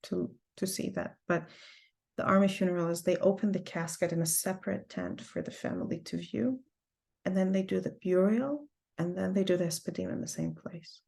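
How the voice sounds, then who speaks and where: A woman teaching an online class over a video call, telling a personal story earnestly and with deep feeling. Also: moderate pace, gravelly, dark tone. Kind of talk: heartfelt personal talk to a class.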